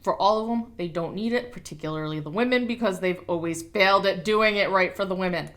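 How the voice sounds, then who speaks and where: A woman's voice: mid-range voice, a little fast, fairly bright tone. Chatty, opinionated woman co-hosting a toy review. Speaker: co-host of a toy review show. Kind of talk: casual review chat.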